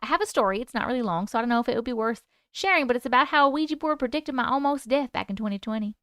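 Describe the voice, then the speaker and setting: A woman's voice: fairly high pitch, expressive, rapid-fire, a bit bright, dry recording, clean studio sound. A woman hosting a casual live stream, chatting and reading viewer comments aloud. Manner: chatty, reads out viewer comments and thanks gifts. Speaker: host reading chat on a livestream.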